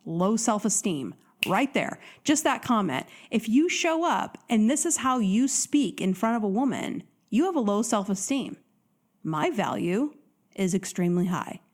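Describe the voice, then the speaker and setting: Animated woman dating coach. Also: mid-range voice. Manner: animated, acts out quoted voices. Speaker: dating coach podcast host. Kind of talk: casual motivational monologue.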